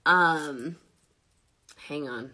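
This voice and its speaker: A woman in her thirties hosting a casual livestream, chatty and giggly, self-deprecating, sounding tired and low on energy. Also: extremely slow, bright, forceful tone. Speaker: network marketing livestream host.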